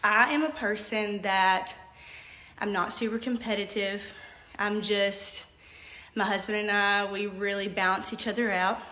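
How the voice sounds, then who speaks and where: A woman's voice: medium pitch, steady tone, unhurried, bright, forceful tone, roomy sound, slight background noise. A woman, talking nervously and rambling on a live video, holding back tears. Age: late 20s. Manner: nervous, rambling, says um often. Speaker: hairstylist and product seller.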